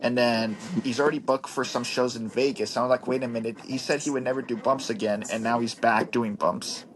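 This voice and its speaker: A man's voice: medium pitch, steady tone. Chatty man hosting a podcast. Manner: short encouraging reactions, quick chatty asides. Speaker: podcast host. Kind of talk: casual podcast interview.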